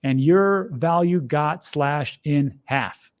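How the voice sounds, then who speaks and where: Chatty man, pitch a touch raised. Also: normal speed. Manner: conversational, animated, slightly sardonic asides. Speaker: host. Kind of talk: casual screen-share commentary.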